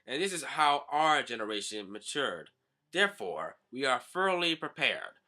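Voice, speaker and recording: A man's voice: mid-range voice, very animated, normal speed, sharp tone. A man putting on a boastful pirate villain.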